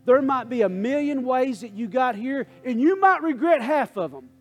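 A male pastor preaching a sermon, swinging between hushed prayer and loud, emphatic calls to the congregation. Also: extremely high pitch, lively intonation, normal speed, hardly any pauses. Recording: faint guitar music underneath.

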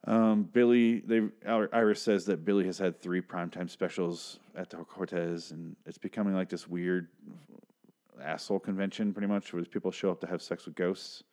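Very deep-voiced man in a rambling recap. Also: flat delivery, moderate pace, a little mellow. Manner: rambling, chatty, swears casually. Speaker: show recap host. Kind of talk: casual episode recap.

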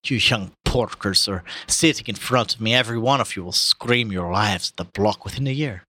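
A man's voice: moderate pace, sharp tone. A man voicing an old male boar who rallies the farm animals with fiery speeches, in a put-on Russian accent, reading for comedy. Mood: mournful. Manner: booming speechmaking, slips out of character into laughter. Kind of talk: comic dramatic reading.

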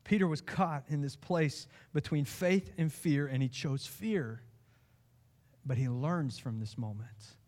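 A man preaching a sermon as pastor, impassioned, swinging from hushed lines to pleading ones. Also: on the high side, unhurried.

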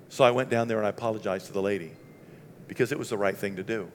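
A middle-aged man from Maine preaching in a conversational, animated storytelling style, acting out the dialogue as he goes. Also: on the low side, racing, in a large hall, slight background noise. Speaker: pastor. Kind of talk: storytelling sermon.

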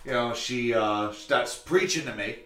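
A man's voice: mid-range voice, unhurried, reverberant, far from the mic. A man, a tattoo artist, telling a story on a casual podcast, swearing freely and acting out what people said. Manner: profane, animated, acts out quotes.

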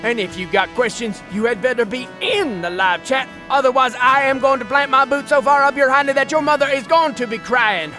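A drill sergeant put on by a man snaps out bossy insults in a very high, sharp voice. Faint music sits under the voice. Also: brisk, hardly any pauses. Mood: barking. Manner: insulting, bossy shouted commands. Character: barking adult male drill sergeant.

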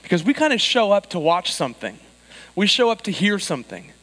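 A pastor in his thirties giving a sermon, telling stories with lively quoted voices. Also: high-pitched, brisk, breathy edge, long reverb tail, low-quality recording. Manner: storytelling, animated quoted voices. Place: church sanctuary.

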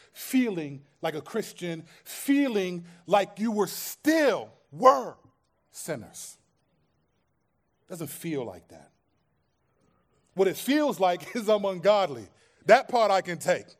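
A man preaching a sermon as pastor, in a conversational way that acts out everyday scenes and quoted voices. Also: sits high.

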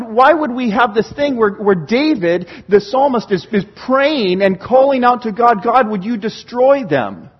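A pastor preaching a sermon, asking the room rhetorical questions and swinging from hushed to loud. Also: male voice, sits high, breathy edge, lo-fi sound.

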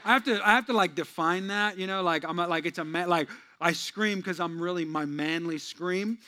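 A male pastor preaching a sermon, telling stories with lively shifts between loud punchlines and hushed, earnest asides. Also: high-pitched, normal speed.

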